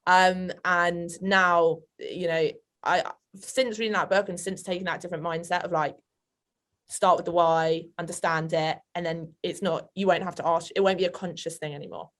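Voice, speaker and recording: A woman with a London accent talks on a webinar panel, her voice sitting slightly low. She talks in a chatty, unpolished way, full of ums and restarts. She comes through a video call. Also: steady tone, moderate pace, fairly bright tone. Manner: chatty, hesitant, many fillers. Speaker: sales manager panelist.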